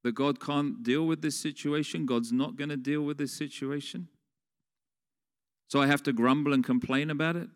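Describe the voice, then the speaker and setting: A man's voice: on the high side, steady tone, normal speed. A man preaching a sermon in a conversational way, putting questions to the congregation. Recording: long reverb of a large hall.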